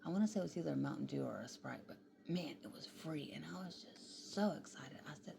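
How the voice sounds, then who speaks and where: Tired low woman rambling late at night. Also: lively intonation, fast talker, gravelly, noisy background. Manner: rambling, tired, swears freely, drifts into whispers. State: tired and yawning. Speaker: vlogger. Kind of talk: late-night casual vlog talk. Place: home kitchen at night.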